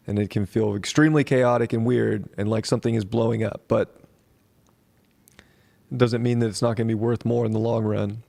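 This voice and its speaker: A man's voice: fairly low pitch, creaky, dark tone. A man giving an earnest horoscope reading with spiritual advice. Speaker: tarot reader.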